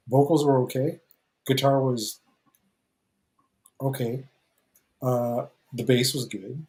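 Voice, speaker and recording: A man sits on a casual livestream music panel, speaking in a mid-range voice. He gives his view in halting stops and starts, often unsure of himself. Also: mid-range voice, a little mellow, rough recording. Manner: hesitant, halting.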